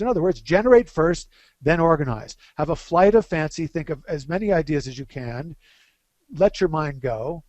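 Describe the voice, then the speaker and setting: Middle-aged male guest expert, animated and emphatic, a touch high-pitched, dry close mic. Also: dry recording. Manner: animated storyteller, stresses key phrases slowly. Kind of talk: webcast interview.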